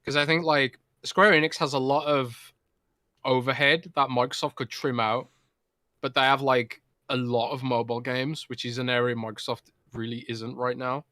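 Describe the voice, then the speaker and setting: A man's voice: mid-range voice, little pitch movement, moderate pace, sharp tone, no echo, studio quality. A man with a West Midlands English accent co-hosting a casual podcast, teasing and often restarting his sentences. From West Midlands, England. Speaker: podcast co-host.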